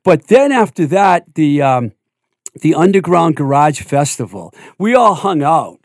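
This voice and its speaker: Man, podcast host, chatty, somewhat high voice, dry close sound. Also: sing-song, unhurried, no room sound. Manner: chatty, prompts the guest, laughs often. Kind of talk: casual interview chat.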